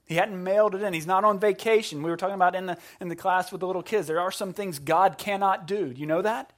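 A man preaching a sermon with humorous asides, swinging between hushed, quiet passages and loud, emphatic ones. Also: high voice, fast talker. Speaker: pastor.

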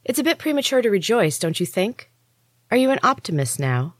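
A woman voicing a stern young female warrior healer who speaks in a cold, clipped, commanding way, set noticeably higher than her own reading voice. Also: big pitch swings, a little fast, no room sound. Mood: grudging.

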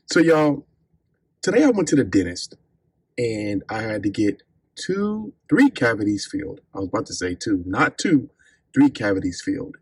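A man's voice: medium pitch, slightly rough, dry recording. A man hosting his own podcast as a fitness coach, chatting casually and upbeat with listeners, calling them y'all.

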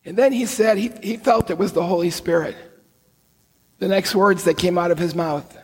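A man preaching a sermon, telling the story with slow, deliberate emphasis in an earnest manner. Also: sits high, husky, long reverb tail, rough recording. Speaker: priest.

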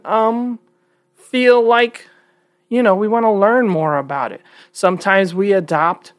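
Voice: mid-range voice, no echo. A vlogger giving casual commentary, opinionated but hedging, often restarting sentences.

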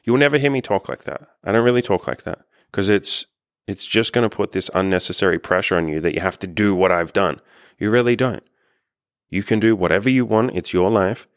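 Male coach, low register, casual motivational monologue, blunt with some profanity, dry close mic. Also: a little fast, no room sound. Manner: blunt, encouraging, swears freely. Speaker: dating and life coach. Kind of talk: casual self-help monologue.

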